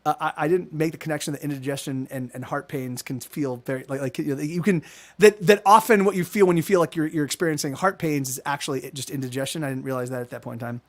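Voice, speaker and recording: A man's voice: a little high, fast talker. A man in his thirties, a livestream host, telling a rambling story to his chat with many restarts and a lot of swearing. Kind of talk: casual storytelling to live chat.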